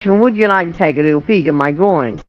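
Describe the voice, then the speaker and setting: A man voicing a lazy male runner in a fox costume, speaking in a droll, deadpan way in an AI-voiced comedy sketch. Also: fairly high pitch, fast talker, dull audio, lightly acted.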